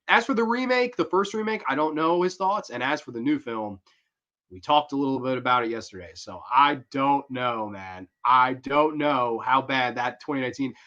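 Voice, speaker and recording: A young man with a medium-pitched voice that sounds pushed and bright hosts a horror movie review stream. Casual and slangy, he rambles while reading viewers' chat aloud, recorded in dull lo-fi quality.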